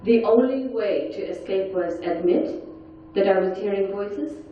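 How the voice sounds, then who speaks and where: A woman's voice: medium pitch, a little slow, slight background noise. Woman testifying in an echoey hall. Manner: earnest storytelling, quiet and intense. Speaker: panel speaker. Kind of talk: personal testimony talk. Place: large conference hall. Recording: echoey, dull hall sound from far off.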